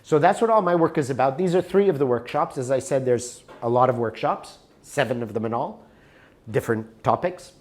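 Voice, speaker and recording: A man's voice: mid-range voice, lively intonation, a little fast. A man presenting a workshop in a room, talking conversationally and checking in with his listeners. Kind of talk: live workshop talk with an anecdote.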